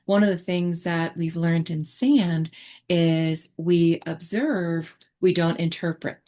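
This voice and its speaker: A woman therapist explaining her approach in a relaxed online teaching chat, talking reflectively with many fillers and restarts. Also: on the low side, takes it slowly. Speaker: therapist presenter.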